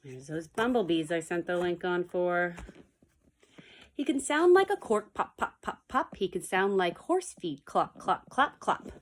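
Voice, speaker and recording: Sending her pupils a casual video from her home basement, a woman teacher chats digressively and reads a picture book aloud with fun animal sound effects. Her voice is fairly low, expressive, and unhurried.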